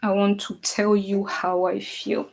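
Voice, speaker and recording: A woman's voice: mid-range voice, little pitch movement, measured pace, gravelly, noisy background. A woman giving a casual tarot reading, talking earnestly and emphatically to an absent partner, with many "you know"s and "like"s. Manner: speaks directly to an absent partner. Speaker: tarot reader.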